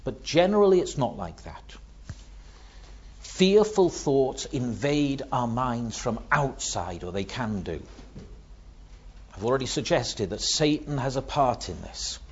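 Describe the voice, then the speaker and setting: A man preaching a sermon, dramatic, swinging from hushed words to loud ones. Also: mid-range voice, big pitch swings, a little slow, breathy edge, dull audio.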